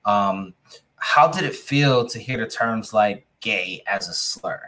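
A man interviewing a guest, measured and often checking in with "right?". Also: fairly low pitch, expressive, pushed and bright, low-quality recording. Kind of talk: interview questions.

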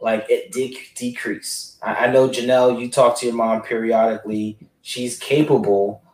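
A man's voice: mid-range voice, fairly even intonation, moderate pace, darkish tone, roomy sound. Man telling stories from a distant mic. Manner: rambling, acts out quoted voices. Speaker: caregiver for his father. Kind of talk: casual group discussion.

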